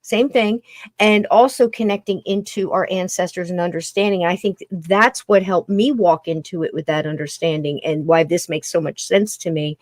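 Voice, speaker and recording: A woman's voice: fairly low pitch, fairly even intonation, normal speed, a little mellow, dry recording. Woman hosting a podcast, chatty and rambly, trips on her words, dry close sound. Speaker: podcast host. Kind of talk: casual conversation.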